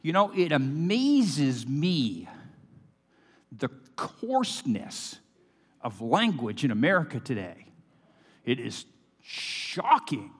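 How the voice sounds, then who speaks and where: A man preaching a sermon as pastor, emphatic, swinging between loud and hushed delivery. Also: mid-range voice, very animated, slow, long pauses, breathy edge, big-room sound.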